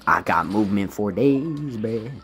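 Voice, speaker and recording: A man giving casual gameplay commentary as a gaming YouTuber, swinging between low muttering and loud, frustrated outbursts. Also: expressive, measured pace, a little hiss or hum.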